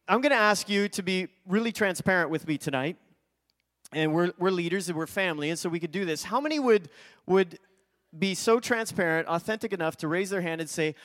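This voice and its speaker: A middle-aged man preaching in a church, an energetic, self-mocking storyteller. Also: high voice. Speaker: guest preacher. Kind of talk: sermon with prayer and storytelling. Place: church sanctuary. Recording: long hall reverb.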